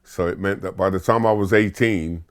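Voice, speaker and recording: A man from Barbados, a musician, recalling his youth in a relaxed, rambling way with lots of fillers and chuckles. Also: deep voice, normal speed, clean tone. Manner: laid-back storytelling with filler words and chuckles. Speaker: musician interviewee. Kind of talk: relaxed reminiscing monologue.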